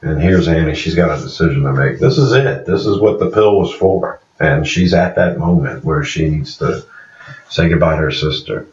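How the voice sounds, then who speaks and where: A man's voice: very deep voice, normal speed, darkish tone. A man casually recapping a TV series scene by scene, chuckling as he acts out the characters' lines. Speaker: TV series reviewer. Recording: roomy, distant, dull recording.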